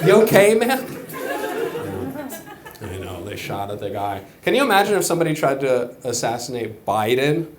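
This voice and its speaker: A man's voice: mid-range voice, very animated, a little fast, hardly any pauses. A man doing a stand-up comedy set on a club stage, talking loosely and conversationally with offhand asides. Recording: echoey club with crowd laughing.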